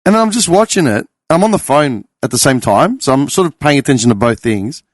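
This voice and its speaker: An Australian man telling a road-rage story with lots of swearing, his voice leaping up and down as he plays both people in the row. His voice sits a little high for a man and is recorded close and dry, with no room sound. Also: brisk, no echo. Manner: animated storyteller, swears freely, acts out both sides of arguments. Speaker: podcast panelist. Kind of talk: casual chat.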